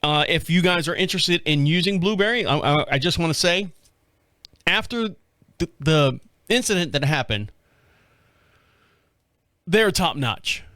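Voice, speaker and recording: A man's voice: fairly high pitch, lively intonation, unhurried, long pauses, pushed and bright, no echo, studio quality. A man hosting a podcast who tells a story in a casual, rambling way, with lots of repeated words and restarts. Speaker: podcast host.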